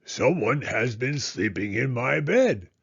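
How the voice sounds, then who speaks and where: A big gruff papa bear booms out slow, heavy lines, voiced by a male reader. His speech is unhurried and low for the storybook. The sound is a bit dull. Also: very animated, dry recording, full character voice. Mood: indignant. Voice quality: gruff, booming.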